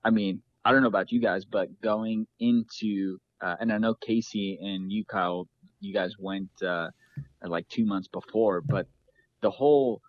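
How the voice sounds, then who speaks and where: A man's voice: lowish voice, steady tone, a little slow, no room sound, lo-fi sound. A man who is a guest on a podcast, talking in an easygoing way and often laughing. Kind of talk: casual chat.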